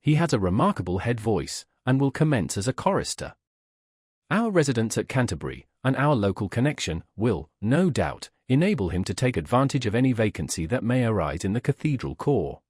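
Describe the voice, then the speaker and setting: A man's voice: mid-range voice, big pitch swings, a little fast, darkish tone, husky, no echo, clean studio sound. A man reading the part of a bald, self-important, genteel husband in an audiobook, speaking in ornate, ceremonious phrases.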